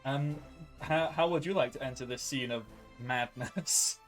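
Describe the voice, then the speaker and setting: A man narrating as game master in a casual tabletop session, with quick offhand asides. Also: medium pitch, faint music behind.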